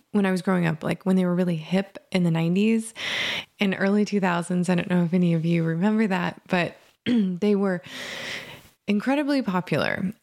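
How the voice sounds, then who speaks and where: A woman in her thirties hosting a meditation podcast, talking in a gentle, rambling, reflective way, her voice a little scratchy from allergies. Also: lowish voice. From Michigan, USA. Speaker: podcast host. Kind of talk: casual meditation podcast intro.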